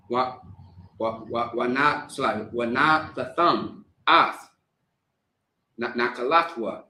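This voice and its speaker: Bright-voiced man preaching in an echoey room. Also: mid-range voice. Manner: halting, stammering repeats while reading; casual, rambling preaching with fillers. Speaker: religious service leader. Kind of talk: sermon with scripture reading.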